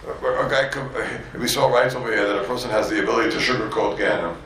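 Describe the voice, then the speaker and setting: A man's voice: medium pitch, quick pace, fairly bright tone, very echoey, far from the mic, a little hiss or hum, low-quality recording. A man from Borough Park giving a Torah class to yeshiva students, repeating words and acting out quotes, peppered with Yiddish and Hebrew terms. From Borough Park, New York. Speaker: rabbi teaching a yeshiva class.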